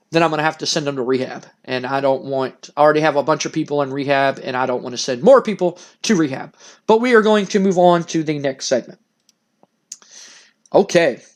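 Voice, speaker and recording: A man narrating his wrestling sim game play-by-play, turning excitable. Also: fairly high pitch.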